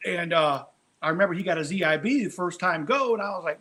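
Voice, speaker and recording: A man hosting a casual chat over a video call, telling stories in a loose, profane, animated way. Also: high voice, quick pace. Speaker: podcast host.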